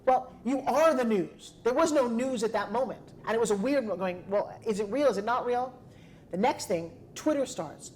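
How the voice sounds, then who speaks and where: A middle-aged woman recounts a personal story with lively, dramatic delivery. She slips into the voices of the people she quotes, and her pitch rises and falls across the telling. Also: a little fast, a little hiss or hum. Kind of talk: animated storytelling.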